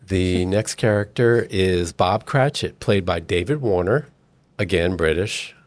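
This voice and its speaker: Deep voiced guy running a movie podcast, reads off cast info. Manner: reads cast details, measured. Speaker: podcast host. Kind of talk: casual film discussion.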